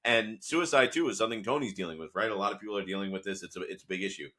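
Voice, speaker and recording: A man's voice: on the low side, racing, pushed and bright. A man hosting a podcast, retelling scenes from a TV series in a loose conversational way full of asides. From Italian-American. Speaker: podcast host recapping a TV series. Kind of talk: casual episode recap talk.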